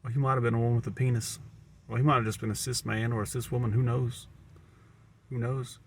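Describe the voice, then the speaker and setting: This Southern American man talks quickly in a level tone, his medium-pitched voice gravelly, with slight background noise. As a vlogger, he rambles to camera in a stream-of-consciousness monologue, frequently repeating and restarting words.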